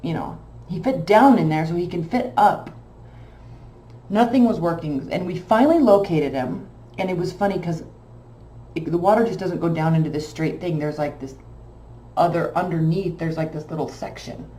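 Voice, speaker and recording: A woman's voice: lowish voice, normal speed, a little hiss or hum. Emotional woman telling a story, echoey room. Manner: emotional, animated retelling with many fillers. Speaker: tarot channel host. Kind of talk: casual storytelling.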